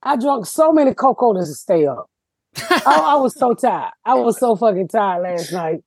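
Casting: loud-mouthed woman host, husky, dry studio sound, brash profane storytelling. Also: on the high side, animated, moderate pace, dry recording. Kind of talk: casual podcast chat.

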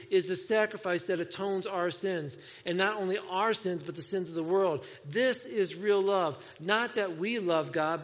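High-voiced preacher in a reverberant hall. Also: male voice. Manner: emphatic preaching with rhetorical questions and wide swings in loudness. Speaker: pastor. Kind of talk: sermon. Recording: long reverb, dull lo-fi sound.

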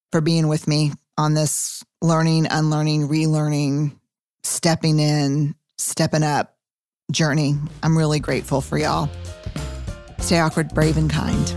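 A woman's voice: low voice, darkish tone. A woman hosting a podcast in a casual, candid way, stretching out reflective phrases. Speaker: podcast host.

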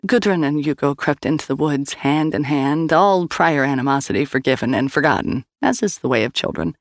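A woman narrates a story with a wry, expressive delivery. Her pitch moves a lot across each sentence, and the recording is dry and close. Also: brisk, no room sound. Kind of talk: scripted audio-drama narration.

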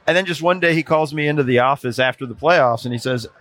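Man telling stories, slightly high voice. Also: fast talker. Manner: animated anecdotes with frequent restarts. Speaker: podcast guest, former NBA video coordinator. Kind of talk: casual storytelling chat.

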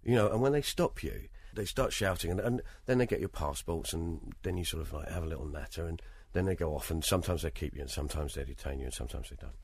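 A British man in an interview, telling travel anecdotes in a lively, conversational way and acting out other people's lines. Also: sits low, quick pace, hardly any pauses, husky, dry recording. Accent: British English. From Britain. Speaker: interview guest, travelling performer.

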